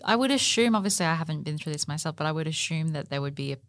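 A woman's voice: sits low, animated, racing, no room sound. A woman co-hosting a podcast, asking curious, probing questions. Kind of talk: casual chat.

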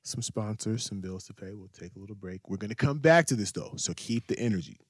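A man hosting a podcast in casual group chat, excitable and prone to stammering and repeating himself. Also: on the low side, fairly quick, husky, no room sound, studio quality. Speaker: podcast host.

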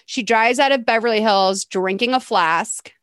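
A young woman recaps a movie in casual, sarcastic chat, her voice a touch high. The sound is dry and close. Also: normal speed, fairly bright tone, clean tone, no echo. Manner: chatty, sarcastic, laughing. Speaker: podcast host recapping a movie.

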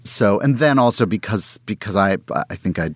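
A man, an actor guest, telling stories in casual conversation, animated, laughing and often restarting his sentences. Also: on the low side, moderate pace, no room sound.

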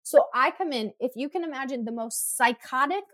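High-voiced, animated storytelling woman. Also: normal speed, few pauses. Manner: animated storytelling, acts out her own screams and quotes. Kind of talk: casual chat.

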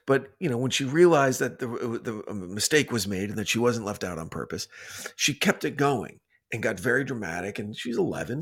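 A podcast co-host tells a story in casual conversation, his mid-range voice carrying a breathy edge. He rambles, restarts often, drifts into asides and retells events in an animated way.

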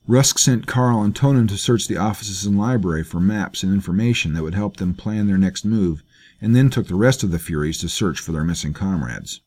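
Deep-voiced man narrating a grim story. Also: darkish tone, breathy edge. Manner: measured, grave, performs all characters. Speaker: audiobook narrator. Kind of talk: scripted narration.

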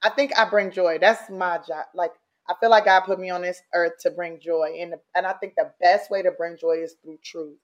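Blunt, animated woman talking candidly. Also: on the low side, moderate pace, lo-fi sound. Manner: blunt, animated, salty, mimics people. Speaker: guest. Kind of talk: candid casual interview talk.

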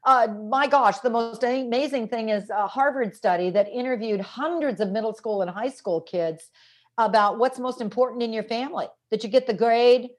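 In a slightly high voice at normal speed, a woman guest discusses raising boys on a lively podcast interview. As an author on parenting, she tells stories with energy and quotes both the kids she interviewed and their parents.

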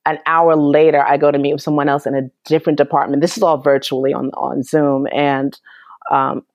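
A woman's voice: low voice, little pitch movement, a little fast, dry recording. A woman guest in an interview, telling her story in an earnest, emotional way with frequent restarts. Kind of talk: conversational interview.

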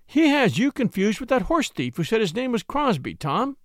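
A man voicing a quick-witted, scheming young woman in a story reading, with bright, mock-innocent chatter. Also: very high voice, very animated, no room sound, clean studio sound, voice pushed up. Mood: teasing. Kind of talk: audiobook character voice.

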